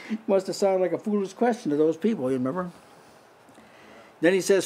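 A man's voice: high-pitched, animated, moderate pace, pauses often, a little mellow. An older man teaching from the Bible in a small house church, conversational, chuckling often and lifting his voice when quoting. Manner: conversational, breaks into lifted voice for quoted lines, frequent short laughs. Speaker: preacher.

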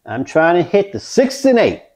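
A man vlogging his craps practice, talking viewers through each throw with excitement. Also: high-pitched, normal speed. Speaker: dice-control craps vlogger. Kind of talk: casual play-by-play while throwing dice.

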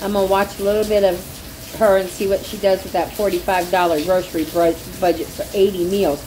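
A woman vlogs to camera at home around her porch and pool area in the rain, chatting casually, frank, folksy and swearing freely. Her voice is mid-range, warm and level, and she talks briskly. The recording is low quality, with rain clearly audible behind her.

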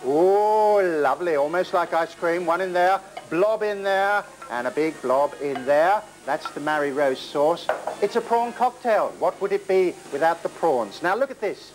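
A man hosting a comic cooking demonstration in a hammy, theatrical way, with sudden squeaky exclamations. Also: normal speed, faint music behind, low-quality recording. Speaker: cooking show host.

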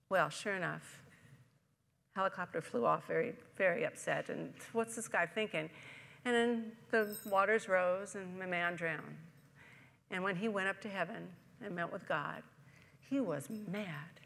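Woman minister, conversational sermon, gravelly tone, long reverb of a church hall. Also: medium pitch, expressive, a little slow. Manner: warm storytelling, conversational, asks the congregation questions. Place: church sanctuary.

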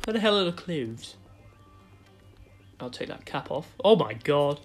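A man's voice: on the high side, sing-song, unhurried, soft background music. A man giving let's play commentary, muttering to himself and breaking into sudden yelps and laughter. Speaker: gaming video host.

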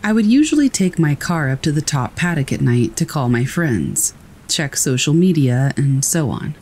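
A man reading scary first-person stories aloud in a calm, steady storytelling voice. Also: fairly high pitch, moderate pace, slight background noise. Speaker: narrator. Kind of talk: scripted narration of scary stories. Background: rain.

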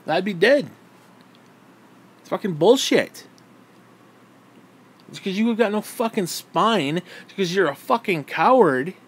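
A man's voice: high voice, slightly rough. A man giving a heated, exasperated political rant to camera, swearing freely. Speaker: vlogger.

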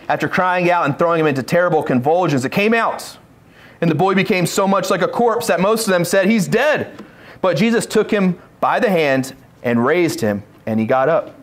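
A man's voice: high-pitched, a bit bright. A male pastor giving a sermon, reading scripture aloud and acting out the pleas of the people in the stories. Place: church sanctuary.

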